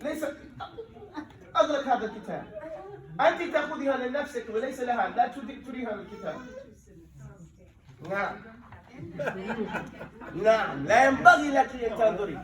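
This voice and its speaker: A man teaching an Arabic class, drilling his students in call-and-response and mixing Arabic with English as he explains words with lively emphasis. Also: very high-pitched, rapid-fire, pauses often, a crowd in the background. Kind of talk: classroom language lesson. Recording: echoey room, mic at a distance.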